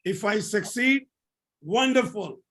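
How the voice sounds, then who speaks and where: High-pitched male yoga leader on a video call, energetic, repeats lines for call-and-response. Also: takes it slowly. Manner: energetic, repeats phrases for the group to echo. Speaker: laughter yoga instructor. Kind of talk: leading an online group session.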